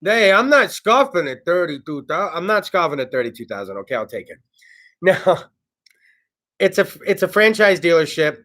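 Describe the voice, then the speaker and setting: A man hosting a casual comedy talk show, telling stories in a brash, profane, animated way. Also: high-pitched, moderate pace. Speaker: host.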